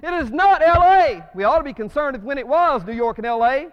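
A male pastor preaching a sermon, swinging between loud, fervent rises and hushed drops. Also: very high-pitched, expressive, a little fast. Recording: muffled reverberant church recording.

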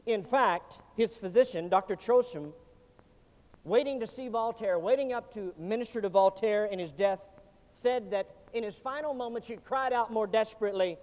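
High-voiced preacher in a reverberant hall. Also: male voice, moderate pace, darkish tone. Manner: dramatic preaching with sweeping shifts in volume. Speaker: pastor. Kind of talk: sermon. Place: church sanctuary. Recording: dull lo-fi sound in a reverberant hall.

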